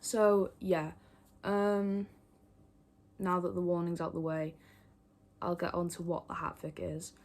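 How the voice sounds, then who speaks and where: Chatting to camera in a casual, rambling manner, this young woman behind fandom videos leans on fillers and swearing. Her fairly low voice is flat and slow, with long pauses.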